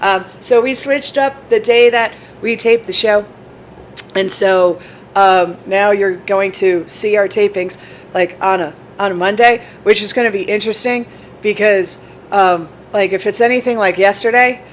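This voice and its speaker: A woman's voice: mid-range voice, measured pace, low-quality recording. Rambling, self-deprecating woman co-host, casual chat, light background noise. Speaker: podcast co-host. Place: bar in a bookstore.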